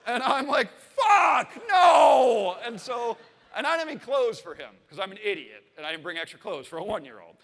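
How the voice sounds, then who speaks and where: A man's voice: sits high, sing-song, fast talker, hardly any pauses, bright, forceful tone, big-room sound. A man in his thirties telling a comic story on stage, swearing and acting out the voices of the people in it. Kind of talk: comic personal anecdote to a live audience.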